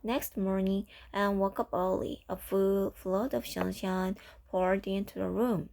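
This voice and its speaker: A woman narrating a storybook aloud in a steady, careful read-aloud manner. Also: mid-range voice, a little slow, vocal fry, background noise.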